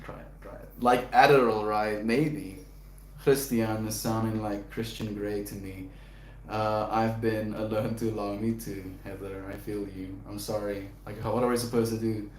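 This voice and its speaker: A young man hosts a casual live stream with a lowish voice, flat delivery and moderate pace, reading viewer comments and chatting easily. He laughs often and calls people dude and bro, and the echoey room carries slight background noise.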